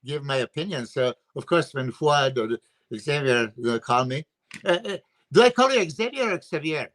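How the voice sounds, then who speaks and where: A man's voice: medium pitch, lively intonation, moderate pace, fairly bright tone. Casting: emphatic guest coach, man, lots of "you know" and "uh", opinionated podcast talk over a video call. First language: Serbian. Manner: emphatic, filler-heavy, opinionated. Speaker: bodybuilding coach and guest analyst. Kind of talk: casual podcast chat.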